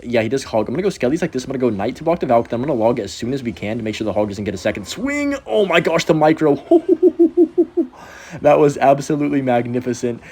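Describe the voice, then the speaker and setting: A man's voice: medium pitch, mellow, husky. A man giving casual live play-by-play commentary over his own gameplay, chatty and upbeat. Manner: quick, chatty play-by-play with frequent "um" and laughs. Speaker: gaming commentator.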